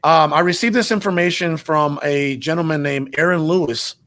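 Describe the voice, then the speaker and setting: A male interview host with a fairly high voice. He asks his guest probing questions in an enthusiastic, conversational way. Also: moderate pace, a bit bright.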